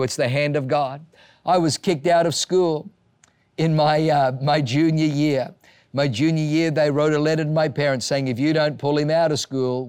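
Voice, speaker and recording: A male pastor giving a sermon with animated storytelling, acting out the voices of people in his stories. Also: on the high side, clean tone, no room sound.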